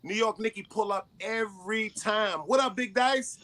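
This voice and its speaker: A man hosting a live stream show, chatting casually and hyping up his guests as he shouts them out. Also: high voice, moderate pace. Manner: hyped, shouts people out. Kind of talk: casual chat.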